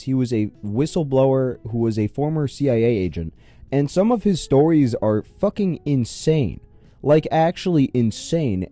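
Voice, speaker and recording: A man's voice: mid-range voice, warm tone, no echo. A young man hosting a reaction commentary video, sarcastic, profane and incredulous.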